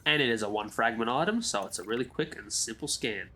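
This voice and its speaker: A man's voice: medium pitch, expressive, quick pace, sharp tone, soft background music. A man giving a casual, chatty game walkthrough as a gaming YouTuber, drifting into side comments. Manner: easygoing, chatty, rambles into asides.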